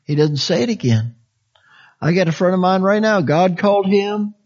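A man preaching a sermon in a conversational, folksy way, with frequent chuckles and big swings between high, lively phrases and soft, quiet ones. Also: fairly quick. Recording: dull lo-fi sound.

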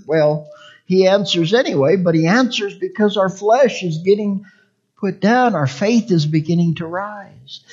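A male pastor delivers a sermon in a high voice, taking his time over each phrase. He reads scripture and climbs into loud, impassioned pleading prayer. The recording sounds dull and lo-fi. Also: husky.

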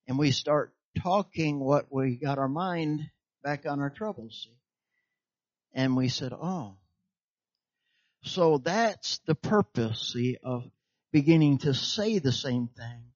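A man's voice: medium pitch, expressive, slow, a little mellow, dry recording, dull audio. A man preaching a sermon in an emphatic, repetitive way, tossing questions out to his listeners for them to finish.

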